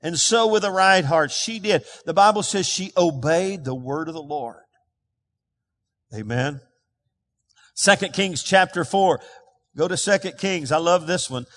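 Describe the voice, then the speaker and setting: A man's voice: fairly high pitch, unhurried, pauses often, a bit bright. A man preaching a sermon as pastor, emphatic and calling on the congregation to respond. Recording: long reverb of a large hall.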